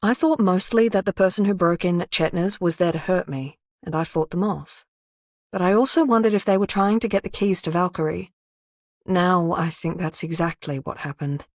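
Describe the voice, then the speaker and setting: A woman's voice: lowish voice, moderate pace, a little mellow, no room sound. Alice: a woman voicing a blunt sweary sleuth. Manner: blunt, sardonic, swears often. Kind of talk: audiobook character reading.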